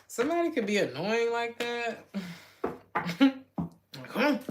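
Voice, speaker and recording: A woman's voice: lowish voice, noisy background. Blunt, laughing woman tarot reader. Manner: blunt, swears freely, laughs often. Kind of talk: casual tarot reading.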